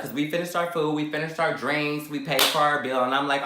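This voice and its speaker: A man tells a wild story to his camera, throwing himself into every quoted line with sudden jumps in pitch. His voice is bright and forward, and the room behind him echoes noticeably. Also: fairly even intonation, moderate pace, hardly any pauses, slight background noise. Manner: dramatic, acts out quotes with big pitch jumps. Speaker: vlogger. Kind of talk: animated storytime while eating.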